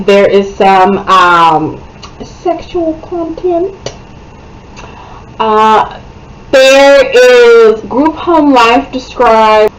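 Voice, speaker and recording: A woman giving a casual, animated book review, chatty and often checking in with her listener. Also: mid-range voice, rough recording. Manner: chatty, animated, keeps asking "okay?".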